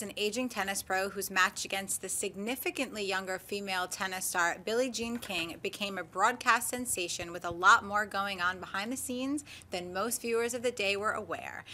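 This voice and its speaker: A woman presenting an entertainment news item on a movie show in a crisp way. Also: medium pitch, pushed and bright, a little hiss or hum.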